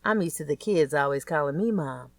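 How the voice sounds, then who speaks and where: A woman's voice: deep voice, animated, fairly quick, darkish tone, no echo. A woman narrating a first-person audiobook in a blunt, crude, streetwise way.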